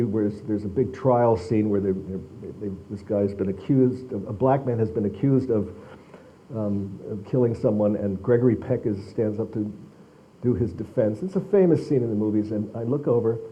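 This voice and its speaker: An author at a library talk tells an anecdote to his audience, halting often, restarting, and repeating words. His voice is medium-pitched and the recording sounds lo-fi.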